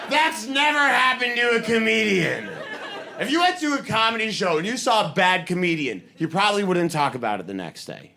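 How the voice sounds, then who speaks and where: Young male stand-up from Boston, Boston accent; very expressive pitch, acts out voices, faint noise behind. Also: a little fast, vocal fry, a crowd in the background. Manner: animated storytelling, acting out voices. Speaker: stand-up comedian. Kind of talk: stand-up comedy set. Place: comedy stage before a live audience.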